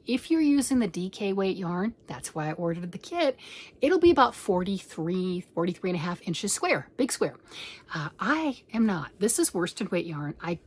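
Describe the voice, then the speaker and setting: A woman with a husky, breathy voice talks through a yarn unboxing. She rambles, gets excited, and now and then drops to a whisper. Her pitch sits in a middle range. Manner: excitable, chatty, rambling, with sudden whispered asides. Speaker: crochet vlogger. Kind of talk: casual unboxing chat.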